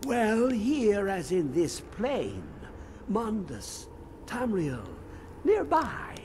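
A rambling, half-mad old hermit scholar from a fantasy video game, his high voice swooping up and down as he drawls out riddles. He drifts between grand pronouncements and hushed whispers, always cryptic. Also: wildly swooping pitch, very slow, a little hiss or hum, full character voice. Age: older.

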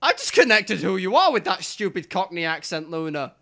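Excitable swearing let's play streamer. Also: mid-range voice, fairly quick. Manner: excitable, swearing, shouts at the game. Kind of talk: blind let's play commentary.

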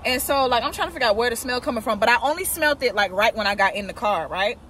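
Animated woman vlogger, bright voice. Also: a little high, fast, slight background noise. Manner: animated storytelling, exasperated, talks to viewers as "y'all". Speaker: vlogger, mother. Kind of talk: casual vlog chat. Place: in a car, then outdoors at a park.

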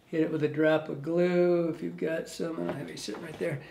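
Relaxed man explaining fly tying. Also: on the high side, fairly quick, creaky, slight background noise. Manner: relaxed, rambling, thinking aloud while working. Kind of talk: casual step-by-step demonstration.

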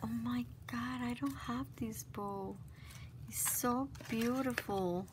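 A woman chats casually to her viewers from her desk at home, gushing over each item she unboxes. Her voice sits a little high and she talks slowly, with frequent excited exclamations. A steady background noise runs under the recording. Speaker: craft vlogger opening mail. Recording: noisy background hiss.

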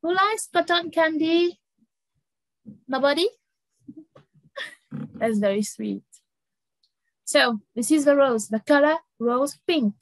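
A young woman leads a children's language lesson, speaking slowly and repeating each word. Her voice sits a little high, and she laughs easily. The sound is close and dry, with no room around it. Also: animated, no echo, poor audio. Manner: slow, repeats words, laughs often. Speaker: French teacher for kids.

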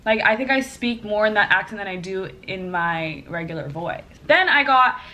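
A woman's voice: medium pitch, animated, moderate pace, sharp tone. A young woman vlogger chatting casually through a clothing haul, bubbly and gushing, full of filler words.

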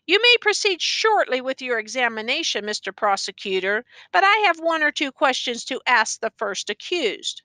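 Grave, probing judge, read by a woman; stern measured questions, bright high delivery. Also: sing-song, no echo, exaggerated voice.

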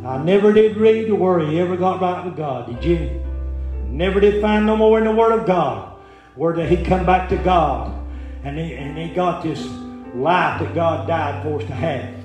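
Brief: high-voiced evangelist man, folksy sermon, very echoey hall, faint music. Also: moderate pace, a little mellow. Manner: folksy, frequent "uh" fillers, asks the congregation questions. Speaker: evangelist preacher. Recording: very echoey church room with music behind.

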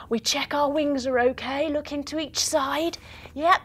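This kids yoga teacher, a young woman, guides children through a story-driven yoga session with gasps, sound effects, and playful encouragement. Her voice sits high, her intonation stays fairly even, and she keeps a measured pace.

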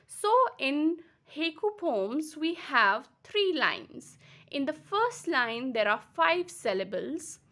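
A woman teacher from Kashmir with an Indian English accent, patiently explaining a lesson and repeating words slowly, syllable by syllable. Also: high voice, sing-song, pushed and bright. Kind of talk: slow classroom explanation.

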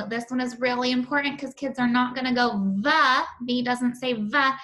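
A young woman teaching kindergarten phonics, saying each sound slowly and clearly to show it to children. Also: sits high, steady tone, bright, forceful tone. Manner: slow, drawn-out sounds demonstrated with movements. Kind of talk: classroom phonics demonstration.

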